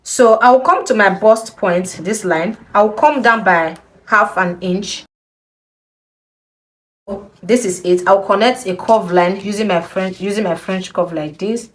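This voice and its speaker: A young woman giving a patient step-by-step sewing tutorial, repeating key points and checking in with the viewer. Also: mid-range voice. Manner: slow, patient, repeats instructions with frequent "okay?". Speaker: sewing instructor.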